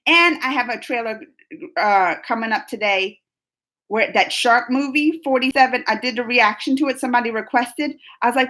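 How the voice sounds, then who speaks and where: A high-voiced woman hosting a relaxed live chat, reading out viewer comments. She talks in an animated, playful way and breaks into laughter often. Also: moderate pace. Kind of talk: casual live-chat vlog.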